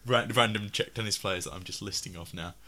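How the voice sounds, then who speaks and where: A man's voice: fairly low pitch, moderate pace, pushed and bright, slight background noise. A man from England chatting casually about films, rambling with many restarts and frequent laughs. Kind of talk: casual film discussion.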